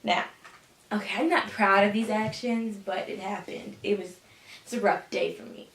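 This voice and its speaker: A woman's voice: medium pitch, fairly even intonation, moderate pace, fairly bright tone, distant mic. A teenage girl tells a storytime vlog casually, with sass and dramatic asides. She sits a little back from the mic. The room around her sounds echoey. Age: teens. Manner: sassy, dramatic, says "honey". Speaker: vlogger telling a story.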